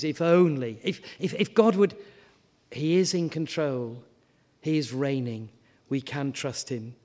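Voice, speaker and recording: Chatty preacher in a reverberant hall. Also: male voice, medium pitch. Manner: conversational, repeats words, rises to animated questions. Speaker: guest preacher. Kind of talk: informal sermon. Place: church hall.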